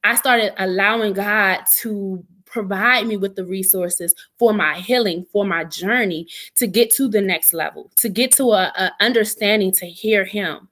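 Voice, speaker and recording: A woman's voice: mid-range voice, unhurried, hardly any pauses, fairly bright tone. A young adult woman giving an earnest, emotional personal testimony as a podcast guest, often quoting her own prayers.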